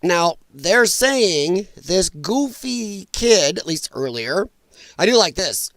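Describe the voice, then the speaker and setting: A slow, sing-song, high-pitched male voice, a bit bright and free of room sound, belongs to the host of a casual political commentary stream. He's blunt and worn out with exasperation, coughing from an irritated throat and frequently saying sorry.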